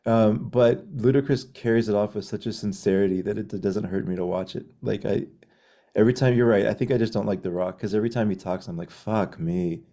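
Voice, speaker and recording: A man's voice: lowish voice, steady tone, quick pace, mellow. A man co-hosting a film podcast, talking casually and hesitantly with frequent ums. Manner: hesitant, lots of ums and restarts.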